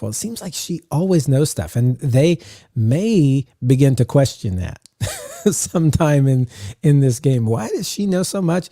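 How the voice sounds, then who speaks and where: A man co-hosting a podcast about game mastering, talking in a relaxed, musing way with lots of "uh" fillers, close to the mic. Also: mid-range voice, no room sound. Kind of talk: casual podcast chat.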